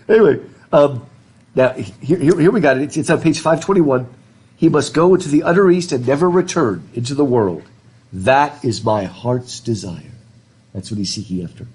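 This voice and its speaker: A middle-aged man from the United States teaches a literature class in a classroom. He talks in an animated way, reads passages aloud and jokes with his students. His husky voice swoops widely up and down in pitch. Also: moderate pace. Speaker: literature professor. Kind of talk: classroom lecture.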